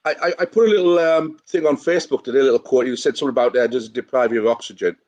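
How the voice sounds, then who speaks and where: A man's voice: medium pitch, very fast, darkish tone, muffled recording. A man, a guest joking cheekily through casual banter on a video call. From England. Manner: cheeky, joking, laughing through his stories. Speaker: guest, fan taking over the show.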